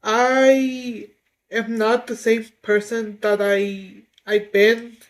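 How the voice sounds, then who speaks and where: A woman's voice: a little high, level tone, very slow, low-quality recording. A woman vlogging at home, speaking hesitantly with many restarts as she gets emotional. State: getting emotional. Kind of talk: emotional confessional vlog.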